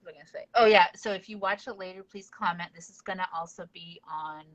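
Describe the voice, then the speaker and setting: A woman's voice: on the low side, fast, a bit bright. A woman hosting a casual podcast chat, rambling and giggly with lots of fillers. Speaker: podcast host. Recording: dull lo-fi sound.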